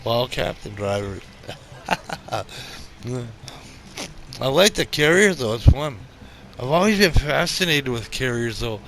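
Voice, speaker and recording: A man's voice: medium pitch, animated, slow, long pauses, fairly bright tone, a little hiss or hum. A middle-aged man hosting a gaming channel, chatting casually over gameplay, rambling and reminiscing, then jokingly bossing an imaginary studio crew.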